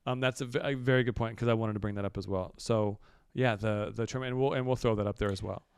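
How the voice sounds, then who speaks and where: A man's voice: lowish voice, fairly even intonation, fast talker, clean tone, no echo, studio quality. A man co-hosting a casual podcast, rambling loosely with lots of restarts, a bit out of breath. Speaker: podcast co-host.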